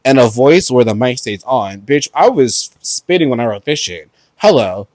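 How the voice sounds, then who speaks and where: A man from Brooklyn hosting a solo podcast, talking in a profane, animated way with loud outbursts and laughter. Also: mid-range voice, normal speed, no echo. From Brooklyn, New York. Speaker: podcast host. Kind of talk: solo casual podcast chat.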